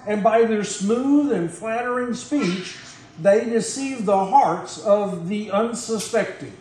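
Man, preacher, high voice, slow deliberate delivery, echoey room. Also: darkish tone, a little hiss or hum. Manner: earnest, emphatic, addresses the congregation directly. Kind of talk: sermon with scripture reading.

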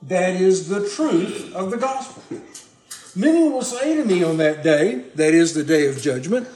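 A man's voice: high-pitched, animated, a little slow, darkish tone, reverberant, poor audio. A man preaching a sermon, reading scripture aloud and pressing its points on his listeners in an earnest, emphatic way. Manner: earnest, emphatic, addresses the congregation directly.

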